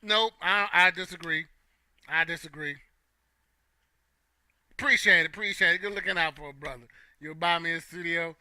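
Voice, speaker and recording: A man's voice: sits high, steady tone, fast, bright, forceful tone, dry recording. A young man hosting a casual opinion talk, playful and joking with his chat. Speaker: host.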